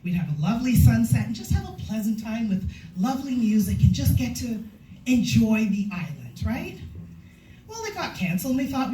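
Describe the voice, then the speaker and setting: Animated woman doing stand-up comedy. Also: fairly high pitch, moderate pace, slight background noise. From Canada. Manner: animated storytelling, acting out quotes. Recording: echoey room from far off.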